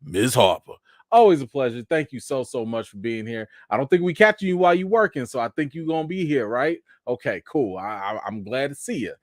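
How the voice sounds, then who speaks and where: A man hosting a live stream with three young daughters, talking in a relaxed, chatty way and greeting viewers one by one, in a casual voice. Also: mid-range voice, fairly quick, no room sound. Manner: laid-back, chatty, greets viewers by name.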